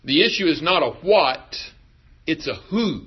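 A pastor preaching a sermon, emphatic and asking the congregation rhetorical questions. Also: male voice, on the high side, animated, unhurried, slightly rough, lo-fi sound.

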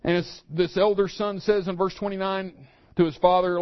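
A pastor preaching a sermon, acting out the story's characters with rising and falling intensity. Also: male voice, sits high, level tone, moderate pace, muffled recording.

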